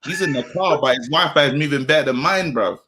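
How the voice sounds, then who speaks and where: A man co-hosts a casual podcast, chatting in loose, slangy banter. His voice sits high for a man. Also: quick pace, bright, forceful tone. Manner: laid-back, slangy banter. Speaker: podcast co-host. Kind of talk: casual interview chat.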